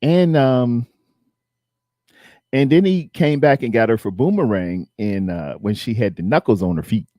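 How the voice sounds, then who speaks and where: Guy rambling on his stream, slow easy talk, dry sound. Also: mid-range voice, animated, dark tone, no echo. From Virginia. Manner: rambling, chatting with viewers. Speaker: live stream host. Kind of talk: casual live-stream chat.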